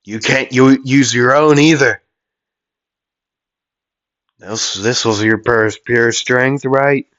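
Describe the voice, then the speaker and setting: A man's voice: medium pitch, takes it slowly, long pauses, a bit bright. A man voicing a cocky young male hero who taunts and laughs at his enemy, in a story he narrates. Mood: taunting. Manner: mocking, goading. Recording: dull lo-fi audio.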